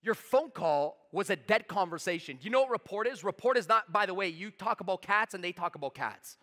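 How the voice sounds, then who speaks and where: A man giving a live sales seminar, talking fast, emphatic and blunt, swearing freely at his audience. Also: sits high, expressive, fairly bright tone, big-room sound. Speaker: sales trainer.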